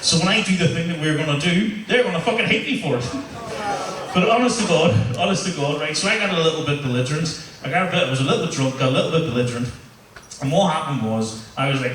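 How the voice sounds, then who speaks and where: A man's voice: on the high side, animated, quick pace, fairly bright tone, very echoey, far from the mic, a little hiss or hum, low-quality recording. A man doing a stand-up comedy set, telling stories with punchlines, swearing and working the crowd.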